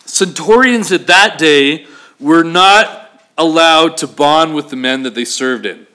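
Pastor guy preaching, kinda high voice, acts out the story as he goes. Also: slow. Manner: animated, acts out scenes, asks the congregation questions. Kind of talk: sermon.

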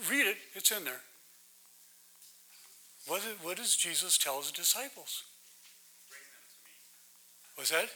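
A pastor teaches scripture in a conversational, interactive sermon, drawing listeners in with questions and a steady stream of "right?". His high, very bright voice moves slowly with frequent pauses, and the recording is rough.

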